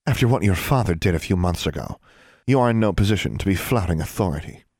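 Guy reading a frosty older witch lady, low voice, calm and cold. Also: fast, no room sound, clean studio sound. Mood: lecturing. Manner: cold, clipped, calmly threatening. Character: stern, icy older female witch inquisitor. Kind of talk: audiobook character reading.

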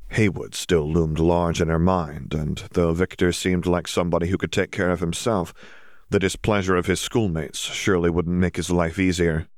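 A man with a very low voice narrates an audiobook slowly and deliberately. The recording is close and dry, with no room sound. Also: flat delivery, a little mellow, dry recording.

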